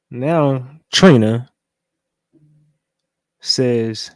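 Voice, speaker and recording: A man hosting a casual livestream, talking loosely, repeating catchphrases and shouting out viewers. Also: medium pitch, slow pace, pauses often, no echo. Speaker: livestream host.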